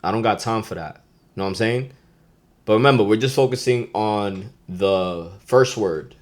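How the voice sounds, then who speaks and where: A man with a New York accent hosting a podcast, teaching slang in a loose, profane, animated way and getting loud when he acts out phrases. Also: lowish voice, normal speed. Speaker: podcast host. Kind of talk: casual podcast lesson.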